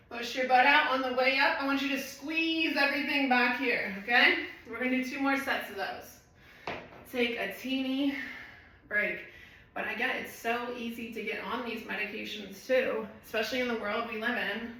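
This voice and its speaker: A woman's voice: fairly high pitch, moderate pace, pushed and bright, a little hiss or hum. A woman fitness trainer leading a live home workout, chatting and rambling while she counts reps. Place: room at home. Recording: echoey room, voice from far off.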